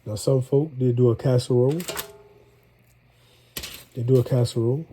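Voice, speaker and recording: A man's voice: mid-range voice, fairly even intonation, normal speed, mellow, slight background noise. A middle-aged man, congested, chatting in a rambling, folksy way as he cooks for a vlog. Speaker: home cook. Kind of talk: casual cooking vlog.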